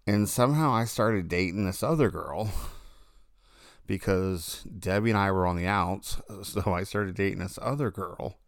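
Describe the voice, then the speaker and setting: A man's voice: deep voice, normal speed, creaky, dry recording, studio quality. A man casually telling a long, rambling story about his dreams, often correcting himself mid-sentence.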